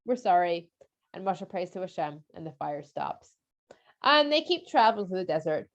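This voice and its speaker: A woman teaching a children's lesson, retelling the story in a lively, casual, conversational way. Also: on the low side, normal speed, muffled recording.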